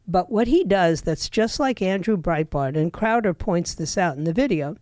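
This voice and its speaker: A woman's voice: lowish voice, expressive, normal speed, a little mellow, dry recording, clean studio sound. A woman hosting a talk radio show, delivering an opinionated monologue in a chatty, sardonic way, with many fillers and restarts.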